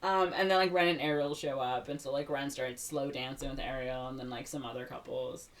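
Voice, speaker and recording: A woman's voice: very deep voice, fairly even intonation, fairly quick, recorded from a distance. A woman co-hosting a podcast, retelling a movie in a casual chat, heavy on filler words and acting out the characters' lines. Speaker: podcast co-host.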